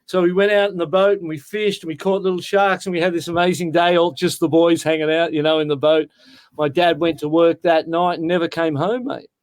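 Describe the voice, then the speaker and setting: A man's voice: on the high side, little pitch movement, brisk. A sixty-year-old Australian man telling stories in a casual interview, talking in an earnest, heartfelt way and often calling the listener mate. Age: 60s. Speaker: guest.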